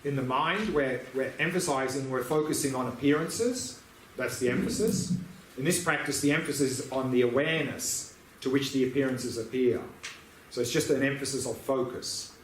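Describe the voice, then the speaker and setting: A man's voice: mid-range voice, moderate pace, a little hiss or hum. A man teaching meditation, answering questions with patient, repetitive explanations. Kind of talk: dharma teaching Q&A. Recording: echoey room, faint ambience.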